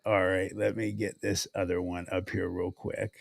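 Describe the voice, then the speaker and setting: A man's voice: low-pitched, little pitch movement, normal speed, vocal fry, dry recording. A man hosting a livestream in a laid-back, casual way, reading out viewer comments. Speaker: livestream host.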